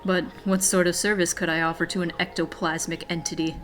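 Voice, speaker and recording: A woman's voice: lowish voice, level tone, fairly quick, fairly bright tone, faint music behind, close to an everyday voice. A woman voicing a pompous, courteous male talking cat who speaks in ornate, formal phrases. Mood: pompous, courtly. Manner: ornate, formal, flowery speech.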